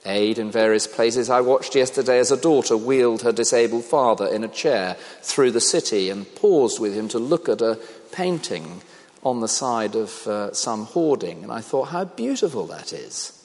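A man's voice: medium pitch, animated, moderate pace, darkish tone. A man preaching a sermon, reflective, asking the congregation questions. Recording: long reverb of a large hall.

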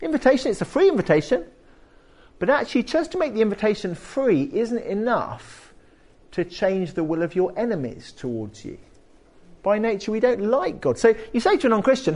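A male preacher, his voice sitting a little high and swinging widely as he talks. He preaches in a conversational, animated way, breaking off into homely asides. The sermon is delivered in a church hall. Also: moderate pace. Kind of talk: sermon with anecdotes.

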